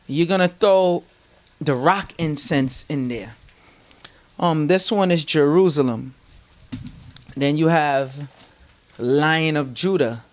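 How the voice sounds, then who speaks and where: Man telling a lively spiritual story. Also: fairly high pitch, slow pace, pauses often. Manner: lively, acts out quoted voices, laughs mid-story. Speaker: interview guest. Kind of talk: animated storytelling and spiritual advice.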